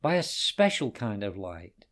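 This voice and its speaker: A man voicing a frightened, blinded male photographer who wails and pleads in a high voice. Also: big pitch swings, unhurried, a bit bright. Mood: pleading. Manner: high panicked wailing pleas.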